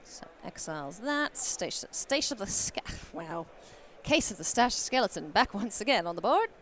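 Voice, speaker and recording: A woman doing live card game commentary at a tournament, playful and quick to laugh. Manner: playful, laughs often, animated swings in pitch. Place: convention hall.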